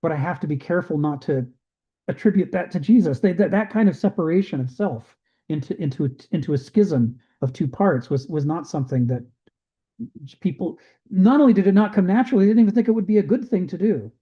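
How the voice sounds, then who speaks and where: Male discussion host, higher voice, animated lecturer, muffled call audio. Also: a little fast. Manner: animated, acts out quoted voices. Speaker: host of an online discussion group. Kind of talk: casual lecture-style chat.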